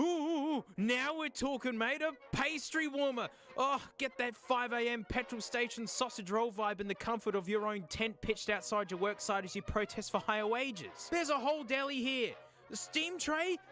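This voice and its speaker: A young South Australian man vlogging casually, joking and breaking into shouts as he browses a second-hand shop. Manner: animated, jokey, bursts into high shouting. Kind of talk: casual comedic thrift-shop vlog.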